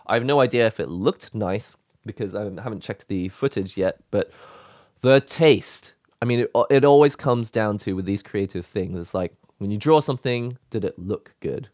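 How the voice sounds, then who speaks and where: A man hosting a casual vlog, talking excitedly and emotionally in a rambling way. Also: on the low side, no room sound, studio quality. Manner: excited, rambling, with laughs and sighs. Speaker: YouTube host.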